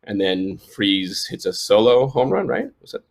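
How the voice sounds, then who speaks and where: A man in his forties tells a story in casual conversation, with a fairly low voice. He rambles and keeps restarting sentences, with plenty of fillers. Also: big pitch swings, a little slow, vocal fry. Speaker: sports photojournalist guest.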